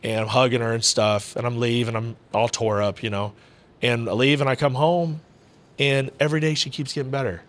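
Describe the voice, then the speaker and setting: A man's voice: mid-range voice, steady tone, a little fast, a bit bright. A man who announces combat sports, a podcast guest telling a heartfelt story in casual, rambling talk full of "you know" and "bro". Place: indoor VR arcade he owns.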